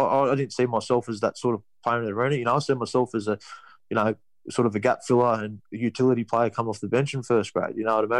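A man's voice: medium pitch, no echo, poor audio. A young Australian man telling a story in a casual interview, rambling, with many restarts. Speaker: guest, rugby league player.

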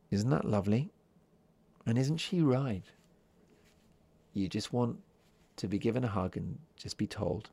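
A man talks through his solo podcast in a calm, unhurried chat, keeping everything soft as if the listener may be falling asleep. His voice sits low, with a gravelly fry running under it. The sound is close and dry, with no room around it. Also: dry recording. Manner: soft-spoken, chatty, drifts into whispers. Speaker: podcast host.

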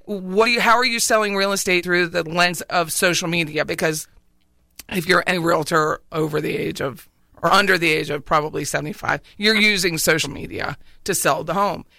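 A woman co-hosting a podcast, telling stories in a lively way and often laughing. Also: on the low side, fairly quick, gravelly, no echo. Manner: animated storyteller, laughs often. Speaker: podcast co-host, realtor. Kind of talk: casual chat.

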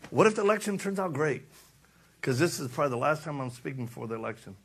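His voice is a little high, quick and lively in intonation, with a slight hiss or hum on the recording. A middle-aged preacher, he gives an impassioned sermon full of storytelling, repeating lines for emphasis and laughing as he acts out his stories.

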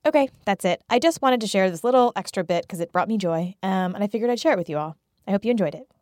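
A woman's voice: mid-range voice, expressive, fast talker, darkish tone, dry recording. Woman, podcast host, friendly, chatty, dry close sound. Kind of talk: casual bonus intro and narration.

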